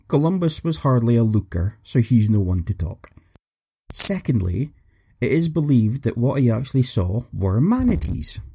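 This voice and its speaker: Brief: male host, gravelly and husky, lively pitch, dry wit. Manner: wry, joking asides. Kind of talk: humorous storytelling.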